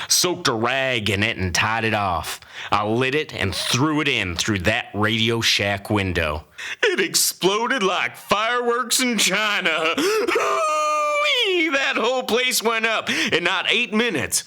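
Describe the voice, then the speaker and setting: Old cowboy braggin' his tall tales, a guy doing the voice, folksy, kinda low and punchy. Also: pushed and bright. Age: older. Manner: folksy, boastful, rambling. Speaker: storyteller. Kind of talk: comic tall-tale narration.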